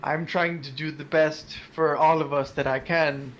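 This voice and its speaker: A man's voice: on the high side, steady tone, unhurried, fairly bright tone, a little hiss or hum. A man playing a tabletop game, talking in a defensive, matter-of-fact way. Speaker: player.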